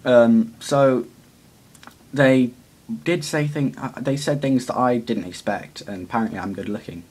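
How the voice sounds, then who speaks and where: A man's voice: medium pitch, darkish tone, husky. A teenage boy vlogging casually, awkward and self-deprecating, laughing often and rambling with fillers. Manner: rambling with many fillers and pauses. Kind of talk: casual confessional vlog.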